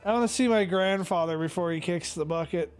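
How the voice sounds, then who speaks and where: A man from Kansas telling stories in a casual chat, swearing constantly and animated. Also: sits high, a little fast, faint music behind. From Kansas, USA.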